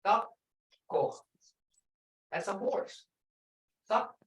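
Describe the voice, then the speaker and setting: A woman language instructor leading a class through slow, repetitive syllable drills and explaining pronunciation emphatically. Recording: echoey room, voice from a distance.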